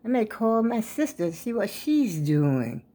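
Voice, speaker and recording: A woman's voice: fairly high pitch, very animated, measured pace, dark tone. An older woman, chatting casually to her viewers in a rambling way, a bit out of breath. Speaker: vlogger. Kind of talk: casual vlog chat.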